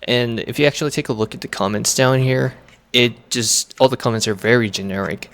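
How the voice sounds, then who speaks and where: A man's voice: mid-range voice, brisk, gravelly, a bit bright. A man chatting on a stream in earnest, plain-spoken commentary, warning viewers.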